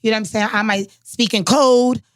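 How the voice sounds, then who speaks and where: A woman co-hosting a podcast in casual chat, talking in an emphatic, animated way. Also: on the high side, brisk, dry recording. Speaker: podcast co-host.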